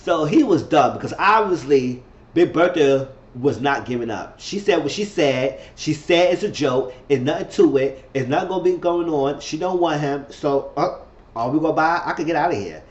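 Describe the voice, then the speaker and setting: Animated man recapping a TV episode. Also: fairly high pitch, normal speed, reverberant, dull audio. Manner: animated retelling, slangy. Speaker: TV show reviewer.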